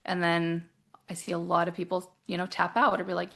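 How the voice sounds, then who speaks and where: A woman coach talking casually in an interview, animated, acting out quoted voices and laughing often. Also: on the low side, brisk, gravelly.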